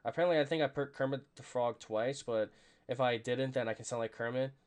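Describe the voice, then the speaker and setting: A man's voice: mid-range voice, brisk. Rambling man calling a live game. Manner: rambling and self-conscious, full of fillers; bursts into excited play calls. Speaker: podcast host. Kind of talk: live game reaction commentary.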